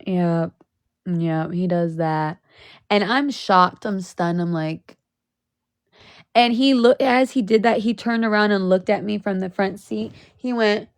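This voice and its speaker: A woman's voice: mid-range voice, slow, no room sound, clean studio sound. A young woman telling a storytime on her vlog, blunt and profane, talking in a heated rant. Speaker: vlogger.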